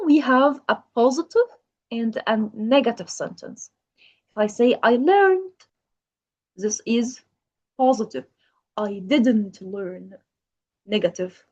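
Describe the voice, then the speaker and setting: A woman's voice: fairly high pitch, a little mellow, highs cut off. A woman teaching English grammar in a patient manner, asking the learner questions. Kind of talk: grammar lesson.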